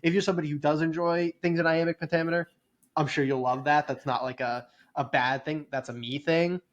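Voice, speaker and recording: Hesitant man with a slightly high voice. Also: steady tone, brisk, lo-fi sound. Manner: loose, hedging, heavy with fillers. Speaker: podcast co-host. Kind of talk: casual chat.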